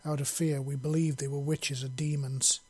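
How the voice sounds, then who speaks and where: A man's voice: medium pitch, level tone, normal speed, darkish tone, breathy edge, close to an everyday voice. A man reading an audiobook, voicing a deferential serpent-folk courtier who explains things formally.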